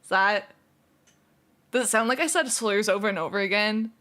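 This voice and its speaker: A young woman chatting casually on a live stream, talking fast, giggling and fretting over how she pronounces words. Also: medium pitch, sharp tone. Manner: fast-talking, giggly, self-conscious about her pronunciation.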